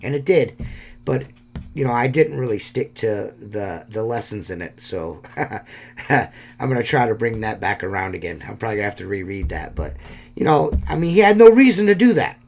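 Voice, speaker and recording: A man's voice: lowish voice, lively intonation, moderate pace, gravelly. A man hosting a solo podcast, talking in a rambling, heartfelt way and swearing often. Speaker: podcast host.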